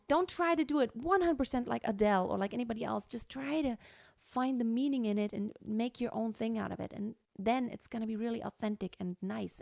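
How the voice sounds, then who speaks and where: A woman singing teacher explaining a song in a relaxed, chatty way, full of fillers and restarts. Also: on the high side, vocal fry. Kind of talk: vocal lesson with sung demonstrations.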